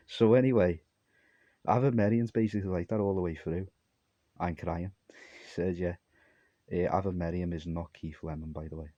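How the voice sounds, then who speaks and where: A man's voice: low voice, dark tone, dry recording, lo-fi sound. A man from Armenia talking to camera in a rambling solo monologue, jumpy and disjointed, trailing off mid-thought. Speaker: vlogger.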